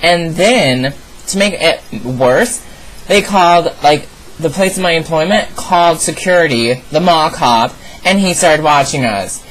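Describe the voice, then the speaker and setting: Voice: medium pitch, unhurried, fairly bright tone, a little hiss or hum, poor audio. Exasperated young vlogger ranting. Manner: exasperated, sassy asides. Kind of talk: casual storytime rant.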